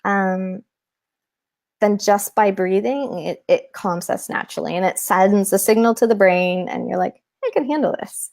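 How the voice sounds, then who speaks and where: A woman guest who teaches mindfulness to children, explaining techniques in an animated way in a casual interview. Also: mid-range voice, a little slow, vocal fry. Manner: animated, demonstrates with props and breathing.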